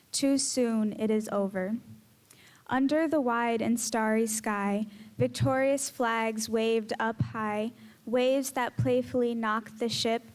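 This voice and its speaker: A teenage girl reading her own poems aloud in a measured, earnest way. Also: on the high side. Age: teens. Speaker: student poet. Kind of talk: poetry reading.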